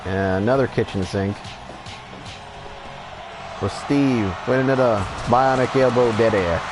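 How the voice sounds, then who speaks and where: A man giving excitable, profane play-by-play commentary on a wrestling video game as he plays, laughing often. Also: medium pitch, measured pace, poor audio. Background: game music.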